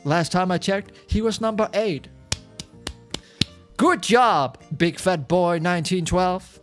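A man giving casual, excitable commentary as a gaming YouTuber, chatty and laughing often. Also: a little high, unhurried, soft background music.

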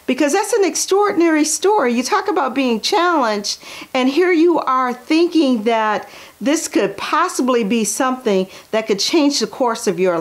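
A woman TV talk show host interviewing her guest in an effusive, encouraging way. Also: high voice.

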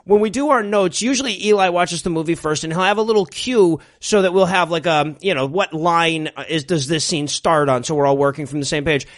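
A man's voice: a little high, brisk, hardly any pauses. A man co-hosting a podcast, casually mocking a movie as he retells its scenes with laughs and swearing. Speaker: podcast co-host. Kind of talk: casual comedic movie commentary.

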